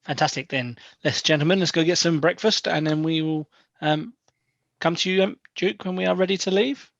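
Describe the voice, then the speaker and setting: Chatty man with a slightly high voice. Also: normal speed, vocal fry, fairly bright tone, no room sound, lo-fi sound. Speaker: player. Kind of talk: playing a tabletop game.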